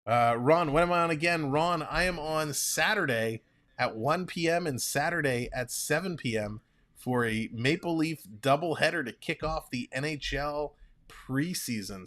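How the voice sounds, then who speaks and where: A man calling a ball game play-by-play on a live stream, chatting and reading viewer comments between pitches. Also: normal speed, fairly bright tone. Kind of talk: casual play-by-play with chat reading.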